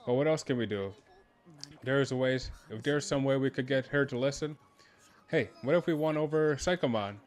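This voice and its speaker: A man's voice: medium pitch, normal speed, soft background music. A man reading a game's dialogue aloud in his own voice, unscripted, with slips and restarts. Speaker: player voicing game dialogue.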